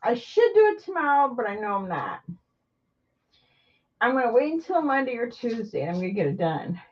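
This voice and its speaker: A woman vlogging candidly to the camera, halting and rambling with lots of restarts. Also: a little high, sing-song, far from the mic, dull audio. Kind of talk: candid personal vlog chat.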